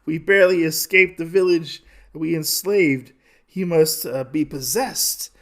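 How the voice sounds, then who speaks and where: A man's voice: fairly high pitch, unhurried, a bit bright, voice pushed up. A man voicing frightened soldiers fleeing a swordsman. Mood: panicked. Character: panicky male foot soldiers.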